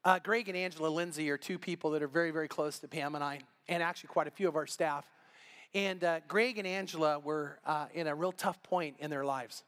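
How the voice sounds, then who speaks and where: A middle-aged man preaching a sermon, animated in his storytelling and acting out the people in his story. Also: fairly high pitch, brisk, clean tone. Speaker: pastor. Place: church.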